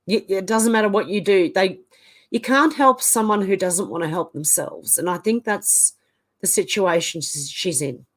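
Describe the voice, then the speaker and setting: Aussie woman host, mid-pitch, reads chat comments and chats back, still coughy from flu. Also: moderate pace. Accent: Australian. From Australia. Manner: reads viewer comments aloud and reacts, chatty with fillers. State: getting over the flu, coughing. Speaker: live stream host. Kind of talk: casual live-chat reading.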